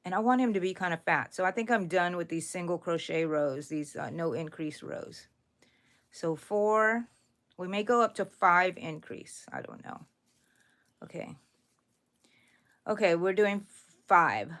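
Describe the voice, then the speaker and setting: Slow-talking woman hosting a crochet stream. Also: on the low side, expressive. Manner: chatty, counts stitches aloud softly. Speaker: crochet channel host. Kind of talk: live crochet stream chat.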